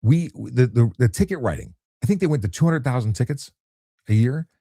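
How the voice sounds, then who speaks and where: A man, a traffic cop, hosting a relaxed late-night live chat and answering viewer questions in an easygoing way, often repeating words as he restarts. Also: mid-range voice, fairly quick, slightly rough, no room sound, clean studio sound. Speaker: traffic cop and livestream host.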